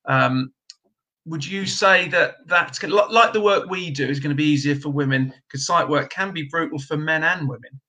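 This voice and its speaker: Bright-voiced chatty man. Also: on the high side, normal speed. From Britain. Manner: chatty, blunt, with frequent ums. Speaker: host of a trades live stream. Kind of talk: casual live-stream chat reading viewer comments.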